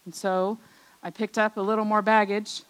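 A middle-aged woman preaching a personal testimony, telling stories from her childhood, acting out the voices she remembers and often trailing off softly. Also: mid-range voice, flat delivery, normal speed, a little hiss or hum, poor audio. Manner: storytelling, acts out remembered voices, drops soft at ends of lines. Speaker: speaker at a church service.

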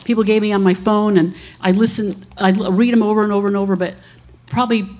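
A woman's voice: medium pitch, steady tone, quick pace, darkish tone. A woman in her sixties, a minister, giving an earnest testimony to a church congregation and telling stories along the way. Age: 60s.

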